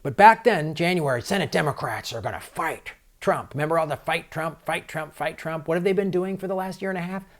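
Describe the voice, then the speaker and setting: A man hosting a political commentary show, ranting angrily and sarcastically, mocking politicians and swinging from loud outbursts to low mutters. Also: lively intonation, fast, few pauses. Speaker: comedian and political commentator host.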